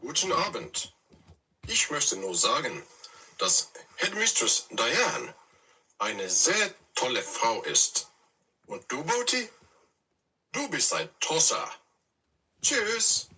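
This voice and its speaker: Man doing a cheeky german guy, thick accent, bright raspy tone, swoops all over. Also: mid-range voice, huge pitch swings, slow pace, pauses often, recorded from a distance, exaggerated voice, rough recording. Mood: teasing. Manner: teasing, mock-formal, with German phrases mixed in.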